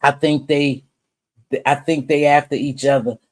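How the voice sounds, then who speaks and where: A woman's voice: rumbling low, fairly even intonation, unhurried, a little mellow. A woman hosting a live stream, giving casual commentary in a blunt, profane, chatty way and greeting viewers by name.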